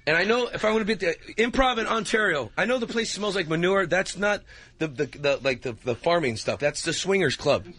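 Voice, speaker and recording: A male stand-up comedian riffing on a radio talk show. His voice sits high and bright, and the pitch darts all over the place as he laughs through the bits. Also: expressive, husky, dry recording. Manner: rapid impressions, laughing, restless. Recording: radio broadcast.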